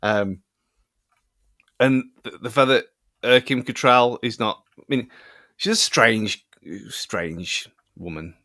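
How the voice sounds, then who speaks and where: Male co-host, middle pitch, dry close mic, rambling film chat full of restarts. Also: slow, bright, forceful tone, no room sound. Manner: rambling, many restarts and fillers. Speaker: podcast co-host. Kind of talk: casual film review chat.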